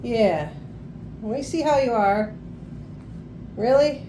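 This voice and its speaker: Woman, high and very animated, slow, playful pet-talk at home. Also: a little hiss or hum. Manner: playful, teasing, sing-song coaxing. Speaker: pet owner filming her parrot. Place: home, indoors.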